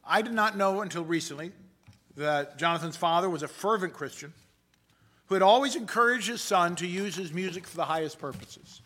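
Bright and forceful, a preacher's slightly high voice carries his sermon with earnest, measured delivery. To emphasize key points, he purposely slows down.

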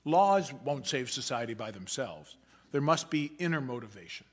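A man preaching a sermon in a measured, earnest way, slowing down to stress key points. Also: medium pitch, very animated, breathy edge. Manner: measured, earnest delivery that slows for emphasis.

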